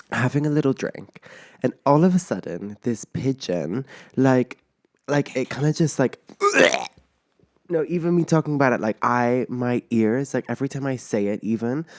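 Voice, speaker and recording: A young man hosting his own podcast, telling stories in a dramatic, rambling way, full of "like" fillers, self-mocking and swearing freely. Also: on the low side. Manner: animated, dramatic storytelling with lots of "like" fillers. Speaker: podcast host. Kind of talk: casual solo podcast chat.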